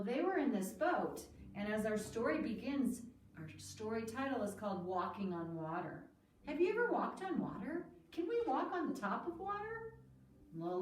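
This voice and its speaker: A woman telling a children's Bible story with a felt board, in an animated sing-song way that asks the children questions. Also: medium pitch, a little hiss or hum. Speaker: children's storyteller at a church school. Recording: echoey room, far from mic.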